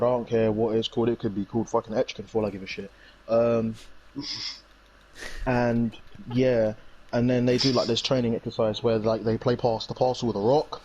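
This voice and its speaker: A man's voice: medium pitch, darkish tone, husky, highs cut off. A young man, casually recapping a TV episode in a rambling, slangy way. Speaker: reviewer. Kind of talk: casual chat.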